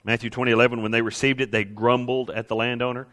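A man's voice: mid-range voice, little pitch movement, fast talker, fairly bright tone, long reverb tail. A man preaching a sermon in a conversational way, now and then acting out the grumblers he quotes. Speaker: pastor.

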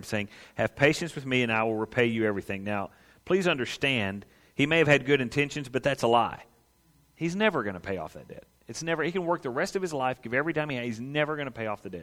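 A man's voice: medium pitch, fairly bright tone. Folksy preacher man. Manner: folksy, asks the congregation questions, acts out quotes. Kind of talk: conversational sermon.

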